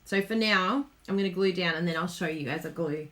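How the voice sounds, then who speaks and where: On a live crafting stream, an Australian woman demonstrates card-making in a low-ish, slightly bright voice that moves a little fast. She keeps up a chatty, giggly patter with viewers and reads their comments out loud.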